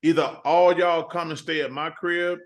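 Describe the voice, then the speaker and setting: Speaking at a moderate pace, an older man with a drawl shares lively stories as a guest on a talk show, over the phone in a casual interview. He repeatedly quotes both himself and other people, and his voice sits somewhat high for a man.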